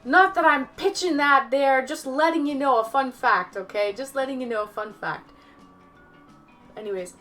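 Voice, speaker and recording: A woman's voice: high-pitched, a bit bright. A woman livestreaming and casually answering her chat aloud, rambling and chatty with some swearing. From Canada.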